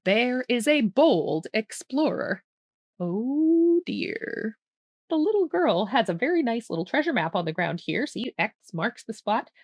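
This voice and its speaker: A woman's voice: on the high side, big pitch swings, unhurried, dry recording. A woman who grew up speaking reads a children's picture book aloud, with playful asides and frequent laughter. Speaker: children's storytime host.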